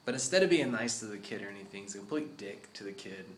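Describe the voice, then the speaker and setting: A man casually pitching a story idea in a studio, rambling, cursing and laughing often. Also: expressive, quick pace, reverberant, a little hiss or hum.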